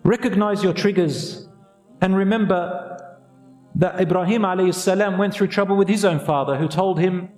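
A man's voice: sits high, moderate pace, darkish tone, reverberant, soft background music. A man giving an earnest radio sermon as an imam, exhorting his listeners and mixing Arabic phrases into his English.

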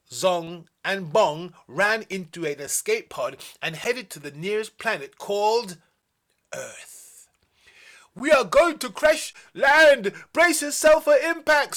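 A young male storyteller reading his own children's story aloud, shouting out the characters' lines. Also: high voice.

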